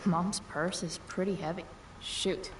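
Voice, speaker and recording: A woman's voice: fairly low pitch, measured pace, lightly acted. A woman voicing a sardonic teenage girl. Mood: wry. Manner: dry, mocking, deadpan. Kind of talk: video game voice acting. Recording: faint distant game audio, light noise.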